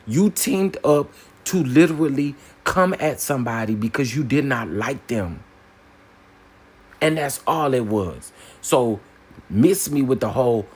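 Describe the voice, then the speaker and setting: A man hosting a casual opinion commentary, emphatic and animated, repeating phrases for punch. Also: medium pitch, normal speed, slightly rough. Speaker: commentary channel host.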